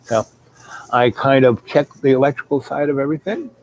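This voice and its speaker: A man's voice: medium pitch, lively intonation, brisk, a little mellow, slight background noise, low-quality recording. A man telling a long rambling story, full of fillers, who acts out the people he quotes. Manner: meandering, many fillers, acts out quoted voices.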